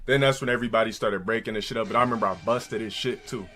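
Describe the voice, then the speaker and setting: A man live streaming, telling a crude story in a loud, profane voice, jumping into high mocking voices to quote people. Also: racing, faint music behind.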